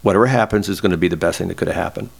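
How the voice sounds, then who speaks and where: Older man, very low voice, emotional candid storytelling. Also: rapid-fire, gravelly, husky. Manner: emotional, candid, close to tears. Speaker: guest. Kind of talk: personal storytelling in an interview.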